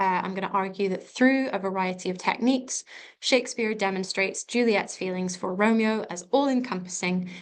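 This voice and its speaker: A young woman talks through an exam revision lesson in an even, level voice that barely rises or falls. She hesitates often, filling gaps with ums and starting sentences over as she thinks aloud. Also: medium pitch. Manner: hesitant, many ums and restarts. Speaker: revision tutor.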